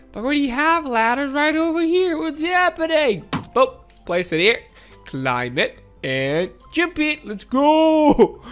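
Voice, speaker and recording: A woman host giving excitable, exclamatory playthrough commentary on a video game, often giggling. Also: sits high. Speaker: gaming channel host.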